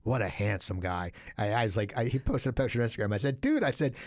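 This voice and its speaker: A man hosting a podcast interview, chatty and rambling, his voice jumping up when he gets excited. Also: mid-range voice, quick pace, no echo, clean studio sound. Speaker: podcast host. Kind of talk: casual interview chat.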